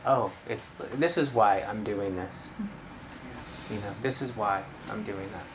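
A meditation teacher giving a relaxed, conversational dharma talk to a group of about thirty people in a room, laughing easily. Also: deep voice, unhurried, background noise.

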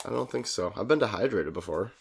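A podcast co-host chatting casually, teasing with quick jokey retorts. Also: medium pitch, animated, gravelly, a loud crowd. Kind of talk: casual chat.

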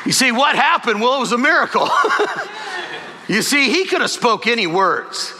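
Man, pastor, emotional sermon storyteller; high bright voice, hall reverb. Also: big pitch swings, fairly quick, crowd noise, background noise. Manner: emotional storytelling, quoting dialogue. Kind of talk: sermon testimony.

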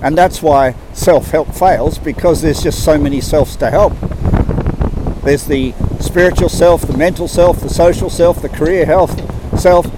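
Older man coaching, high voice. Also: measured pace, background noise. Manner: earnest, rambling, with many restarts and acted-out quotes. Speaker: life coach. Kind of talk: motivational monologue.

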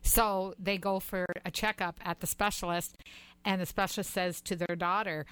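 A woman who sells real estate, telling a story on a talk show in a lively, animated way. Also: on the low side, moderate pace, smooth, no echo, low-quality recording. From Canada. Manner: animated storyteller, acts out the quotes. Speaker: real estate sales representative. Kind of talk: casual storytelling chat.

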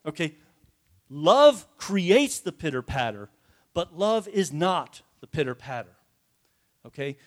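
A man preaching a sermon to his congregation in a folksy, joking way, often asking them questions. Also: on the high side. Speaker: pastor. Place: church before a congregation.

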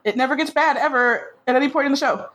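A woman's voice: high voice, quick pace, a bit bright. A woman co-hosting a podcast, retelling TV scenes in a wry, joking casual chat. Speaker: podcast co-host. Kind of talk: casual chat recapping a TV episode.

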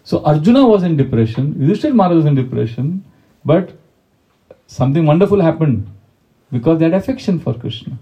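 Man giving a devotional talk, mellow voice. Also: on the high side, big pitch swings, brisk, muffled recording. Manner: conversational, asks the audience questions; recites Sanskrit verses. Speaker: spiritual teacher. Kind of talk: devotional lecture.

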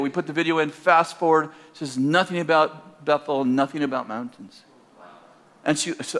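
An older man from Northern California, preaching by telling a personal story in a conversational, animated way and laughing at his own tale. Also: medium pitch, normal speed, gravelly. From Northern California, USA.

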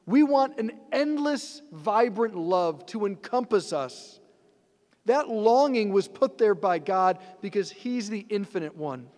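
A man's voice: sits high, lively intonation, a little slow, darkish tone. A man giving a conversational sermon as a priest, asking the congregation rhetorical questions. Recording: long church reverb.

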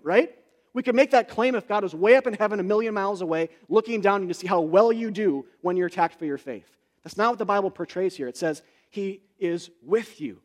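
A man preaching a sermon, explaining scripture in an earnest, conversational way with frequent asides and fillers. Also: sits high. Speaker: pastor.

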